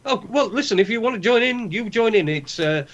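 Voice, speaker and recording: Northern english bloke, highish voice, swearing and ranting on a podcast, kinda muffled lo-fi sound. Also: male voice, animated, brisk, fairly bright tone. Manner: profane, opinionated ranting. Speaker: podcast co-host. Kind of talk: casual chat. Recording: dull lo-fi sound.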